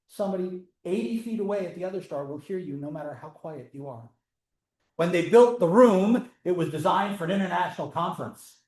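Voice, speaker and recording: Male college math teacher, fairly high voice, chatty classroom lecture with jokey asides. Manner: pace swings between slow emphasis and quick runs. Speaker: math instructor.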